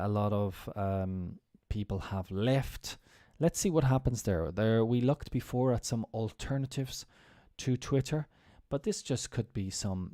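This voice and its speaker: A man teaching English on a casual live stream, reading out news and explaining words slowly, repeating and spelling them for his viewers. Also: on the low side, mellow, dry recording, studio quality. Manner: talks to viewers while fumbling with the screen.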